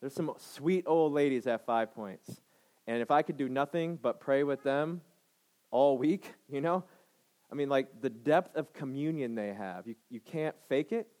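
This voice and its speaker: A man's voice: medium pitch, measured pace, darkish tone. A man in his thirties preaching a sermon to a congregation, emphatic, repeating phrases and checking in with "right?". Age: 30s. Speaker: pastor.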